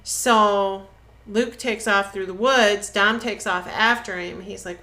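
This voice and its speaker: A woman's voice: medium pitch, steady tone, slow, sharp tone. A woman co-hosting a podcast, casually retelling a film's plot and acting out the characters' lines. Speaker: podcast co-host.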